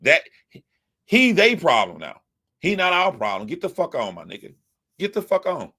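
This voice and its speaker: A man's voice: on the high side, huge pitch swings, moderate pace, bright, forceful tone, breathy edge. A young man from the United States giving profane, emphatic commentary, repeating his points as he rants. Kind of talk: ranting commentary.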